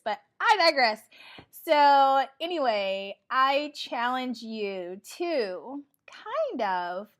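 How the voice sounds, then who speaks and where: A woman in her forties talking casually in a motivational vlog, chatty and animated, acting out what people say. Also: a little high. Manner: chatty and animated, acts out quoted lines. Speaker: vlogger.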